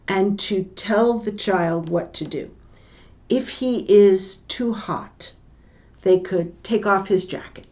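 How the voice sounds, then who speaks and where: A middle-aged woman teaching a lesson, telling a family story slowly and deliberately and acting out the voices of the people in it. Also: mid-range voice, a little mellow. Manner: slow, deliberate, acts out the voices in her story. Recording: dull lo-fi recording.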